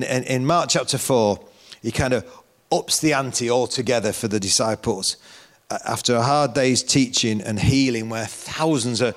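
A middle-aged man preaching a sermon, telling the story with lively emphasis and growing loud at the key moments. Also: mid-range voice.

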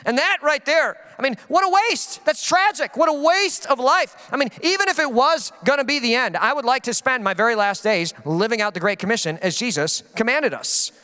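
Pastor guy preaching hard, super high voice, long echo from a big church hall. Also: lively intonation, a little fast, hardly any pauses, sharp tone, smooth. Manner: passionate and emphatic, acting out quoted voices. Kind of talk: sermon.

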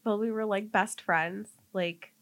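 A woman's voice: mid-range voice, a little slow, fairly bright tone. Young woman telling a story, full of fillers. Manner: heavy use of "like" as filler, emotional and tearful. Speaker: podcast co-host. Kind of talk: casual storytelling chat.

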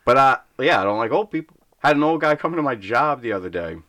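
A man's voice: medium pitch, lively intonation, quick pace, sharp tone, no echo. A young man co-hosting a casual podcast, bluntly ranting about his job and breaking into acted-out voices. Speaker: podcast co-host.

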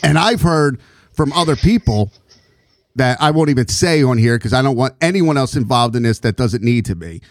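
A man's voice: mid-range voice, animated, normal speed, no echo, studio quality. A middle-aged man in casual conversation, telling a story in a heated, rambling way with frequent restarts.

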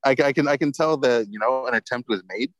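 A man's voice: medium pitch, fairly quick, dry recording, rough recording. Swearing man telling a rambling story. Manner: rambling, heavy swearing, lots of fillers. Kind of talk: casual storytelling chat.

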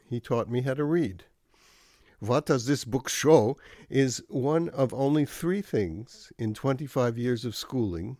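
Slow, wry man reading a commentary. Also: mid-range voice, a little mellow, dry recording. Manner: dry, wry, measured delivery. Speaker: radio commentator. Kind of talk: scripted radio commentary.

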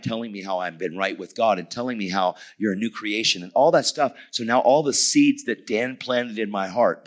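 A middle-aged man preaching a testimony sermon, animated, acting out dialogue and dropping at times to a whisper. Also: lowish voice. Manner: animated storytelling, acts out dialogue, drops to whispers.

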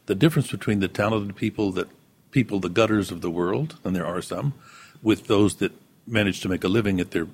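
A man's voice: lowish voice, brisk, slightly rough. A man from Texas, reflecting in a conversational interview in a thoughtful, storytelling way. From San Antonio, Texas. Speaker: actor being interviewed.

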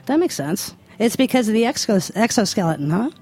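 A bubbly woman hosts a radio interview with plenty of enthusiasm. She talks in a casual, excitable way and laughs easily. Her voice sits at an everyday pitch. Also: brisk, slightly rough, faint music behind. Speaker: host.

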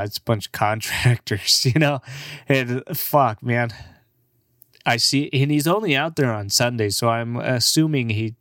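Slow-talking laid-back young man, swearing. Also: medium pitch, fairly bright tone, no room sound, studio quality. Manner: profane, laid-back, laughs often. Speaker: comedian. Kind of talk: casual rambling monologue.

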